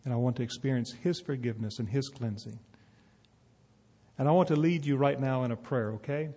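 A man from North Carolina, leading an altar call and a prayer in a folksy, gentle way. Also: mid-range voice, a little fast, husky, in a large hall. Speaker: evangelist preacher. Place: large arena event.

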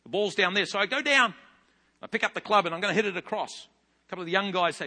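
A man in his fifties with a New Zealand accent, preaching a sermon as a pastor, telling stories animatedly and rising into loud bursts. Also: high-pitched, very fast. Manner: animated storytelling with big loud rises. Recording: long hall reverb.

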